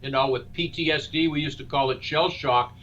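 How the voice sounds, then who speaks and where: Older man, earnest and bright-toned. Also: a little high, steady tone, a little fast. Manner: earnest, speechmaking, rhetorical questions. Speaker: guest, presidential candidate. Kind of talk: live interview. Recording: dull lo-fi sound with faint noise.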